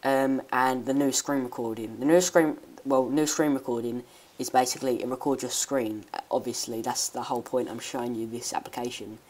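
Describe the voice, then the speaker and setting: A woman giving a rambling, hesitant software tutorial with many restarts. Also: very deep voice, steady tone, moderate pace. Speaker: tech YouTuber. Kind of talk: screen-recording software tutorial.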